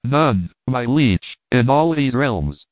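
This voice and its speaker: A man's voice: medium pitch, animated, takes it slowly, no room sound. A man voicing a loyal earl who answers his king in a formal, reverent way. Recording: dry tinny phone-like sound.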